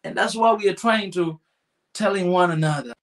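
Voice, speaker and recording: A man's voice: sits high, normal speed. A man hosting a podcast forum who talks fervently, repeats his points for emphasis and reads out audience questions. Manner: fervent, repetitive, emphatic restarts. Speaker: podcast host. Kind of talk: passionate forum talk, reading audience questions.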